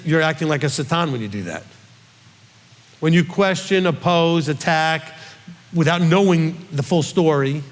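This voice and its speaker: A man's voice: fairly high pitch, vocal fry, big-room sound. A male rabbi reading scripture aloud and teaching from it, in a conversational way that puts questions to his listeners.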